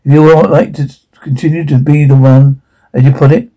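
A man reads out every line of a drama's subtitles, sound cues included, in the same flat, even voice. His tone is mellow and husky, with a gravelly fry. He reads steadily and gives no character a voice of its own. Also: on the high side, moderate pace, rough recording. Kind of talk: reading subtitles and sound captions aloud.

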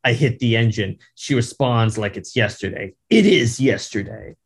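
A man's voice: mid-range voice, normal speed, vocal fry, slightly rough. A man doing a grim, terse vigilante. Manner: terse, brooding monologue. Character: grim middle-aged male vigilante, cold.

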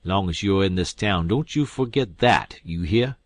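Guy doing a loud gruff old swindler, snaps at everyone, husky low voice, dry sound. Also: unhurried, no echo. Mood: angry. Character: blustering old male con man, snappish. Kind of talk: audiobook character voice.

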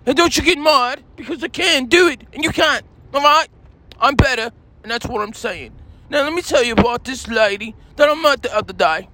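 A man voicing a boastful, touchy self-styled British gentleman with a put-on British accent, lecturing haughtily and breaking into shouted rants in a comedy sketch. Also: very high voice, expressive, moderate pace, a little hiss or hum, exaggerated voice, poor audio. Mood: haughty. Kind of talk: comedy sketch character monologue.

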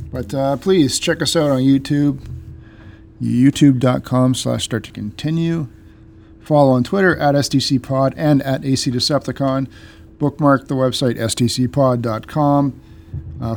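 A man's voice: medium pitch, a little mellow. A man co-hosting a casual podcast, blunt and joking as he chats and reads the sign-off. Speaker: podcast co-host.

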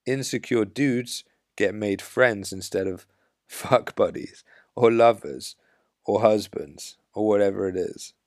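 A man with a low, gravelly voice delivers blunt dating advice at an unhurried pace. He speaks assertively and with emphasis, like a coach. The sound is dry and close, with no room echo. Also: darkish tone. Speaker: dating coach podcast host. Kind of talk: podcast monologue giving dating advice.

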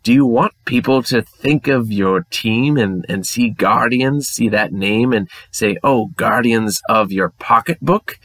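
A man's voice: lowish voice, measured pace, a bit bright, dry recording. Man doing a scolding English ghost. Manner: lecturing, scolding. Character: stern old male ghost of a baseball owner.

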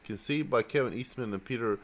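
A man's voice: mid-range voice, fairly quick, a little hiss or hum. A man co-hosting a podcast, easygoing, reading notes aloud with fillers. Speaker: podcast co-host. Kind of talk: casual podcast chat.

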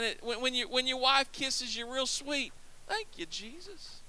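A man's voice: very high-pitched, expressive, measured pace, bright, forceful tone. A man preaching a sermon, calling for responses from the congregation and repeating his phrases as he builds. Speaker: pastor.

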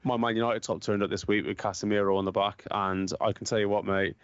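A young man co-hosting a casual football podcast, swearing freely and telling animated stories full of banter. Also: on the low side, fast talker, clear, resonant tone, no room sound, lo-fi sound. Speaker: podcast co-host.

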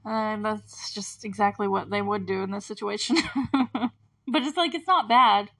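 A woman's voice: medium pitch, moderate pace, a bit bright. Woman host, casual recap, rambling, giggly, filler-heavy. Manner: rambling, full of fillers and frequent laughs. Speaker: podcast host.

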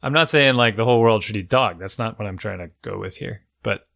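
A man's voice: fairly low pitch, a little fast, vocal fry, a bit bright. A man co-hosting a casual podcast, chatting and musing as he talks things through with fillers. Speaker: podcast co-host. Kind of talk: casual chat.

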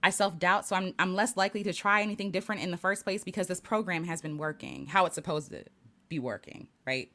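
A woman hosting a casual live stream, talking in an animated, reflective way and reading viewer comments. She laughs often and restarts her sentences. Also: lowish voice, fast. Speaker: livestream host.

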